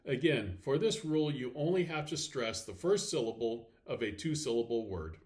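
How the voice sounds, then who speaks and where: A man teaching a recorded slide lesson, explaining step by step, checking in with "okay" and saying example words slowly and deliberately. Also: medium pitch, expressive, a little mellow. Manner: clear step-by-step explaining with frequent okays. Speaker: Latin teacher.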